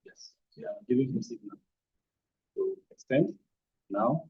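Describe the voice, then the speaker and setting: A man's voice: medium pitch, animated, a little slow, pauses often, darkish tone, breathy edge. A man teaching physiotherapy techniques, demonstrating on a partner with short commands mixed with explanations. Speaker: physiotherapy instructor. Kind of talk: hands-on demonstration with verbal cues. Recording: dull, lo-fi sound.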